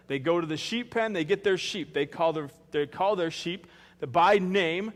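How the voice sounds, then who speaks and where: A man in his thirties preaching a sermon as pastor, conversational and joking, acting out the voices of the people in his story. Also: high voice. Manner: conversational, joking, acts out dialogue. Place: church sanctuary. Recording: reverberant church hall.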